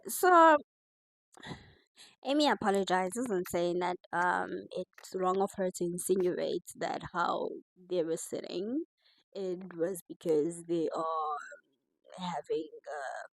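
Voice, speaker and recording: A woman's voice: on the low side, takes it slowly, pauses often, no echo, poor audio. Chatty woman reviewer. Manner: chatty, animated, laughs often. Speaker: reality TV reviewer. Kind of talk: casual reaction commentary.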